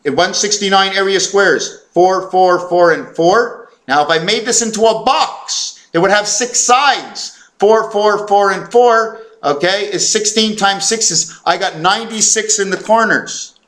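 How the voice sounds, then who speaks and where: A man with a fairly high-pitched voice talks straight to the viewer in a rambling, self-interrupting monologue. He stumbles over words, fills pauses with "uh" and "um", and reels off long chains of numbers at a hurried clip. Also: fairly bright tone. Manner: hesitant, stumbling, full of fillers and self-corrections; fast, run-on counting and reciting of numbers. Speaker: vlogger. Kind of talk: rambling numerology monologue to camera.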